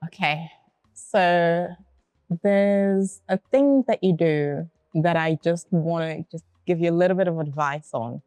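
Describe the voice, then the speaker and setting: A woman's voice: on the low side, unhurried, darkish tone, clean tone, no echo. A woman judging an acting contest, giving encouraging, direct coaching to contestants. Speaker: talent show judge. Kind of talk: giving performance feedback.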